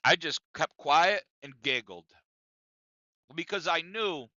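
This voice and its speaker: A man hosting a podcast, telling a profane comic story in an animated, conversational way, in a dry, dull lo-fi recording. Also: on the high side, slow, no echo. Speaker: podcast host.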